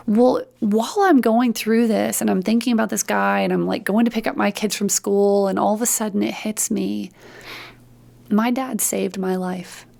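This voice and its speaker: A woman's voice: mid-range voice, normal speed, gravelly. A woman, a podcast guest, telling personal stories in a casual interview and acting out the dialogue. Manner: lively storytelling, acts out quoted dialogue.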